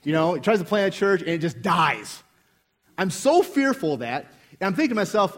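Young guy preaching in church, earnest storytelling, pitch jumps all over, bit husky. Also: very animated, normal speed. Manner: earnest, personal storytelling with frequent restarts. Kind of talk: sermon. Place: church sanctuary.

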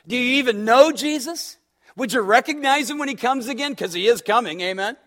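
A man's voice: extremely high pitch, a little fast, bright, forceful tone. A man preaching a sermon as pastor, pressing his listeners with repeated rhetorical questions and acting out a story in quoted dialogue.

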